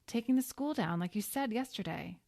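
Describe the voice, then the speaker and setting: A woman's voice: mid-range voice, animated, brisk, gravelly, a little mellow, voice pushed up. A woman voicing a defiant, impulsive teenage schoolgirl in an audio story.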